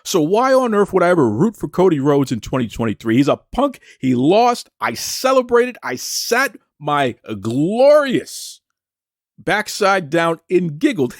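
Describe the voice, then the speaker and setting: A man's voice: high voice, big pitch swings, a little slow, no echo, clean studio sound. A man hosting a wrestling commentary show, ranting in a taunting, combative way and firing off rhetorical questions. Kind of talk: opinionated wrestling commentary rant.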